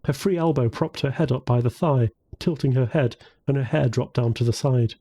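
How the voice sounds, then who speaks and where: Male narrator, audiobook, mellow dark tone, husky, calm and measured. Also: mid-range voice. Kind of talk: scripted narration.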